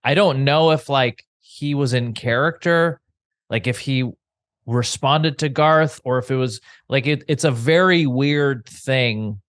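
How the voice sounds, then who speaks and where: A man's voice: medium pitch, a little slow, fairly bright tone, no echo, studio quality. A man co-hosting a podcast in casual chat, reading out listener emails over a remote call. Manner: chatty, reads out listener emails. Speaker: podcast co-host. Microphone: remote call mic.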